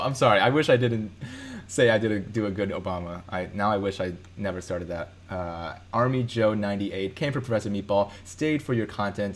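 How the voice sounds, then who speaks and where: A man's voice: on the low side, a little fast, a little hiss or hum. A man from Chicago hosting a live stream, reading out viewer comments in a loose, rambling way with many fillers and self-corrections.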